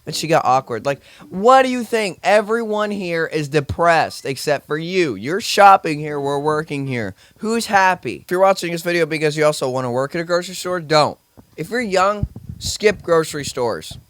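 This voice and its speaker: Brief: young male store worker, sarcastic profane rant to camera, slightly higher voice. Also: expressive, moderate pace, a bit bright. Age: young adult. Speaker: grocery store worker venting.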